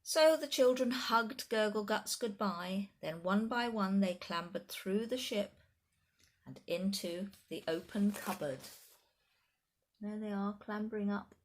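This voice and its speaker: A woman reading a children's picture book aloud in animated storytime narration, with chatty asides to the children listening. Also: medium pitch, slow.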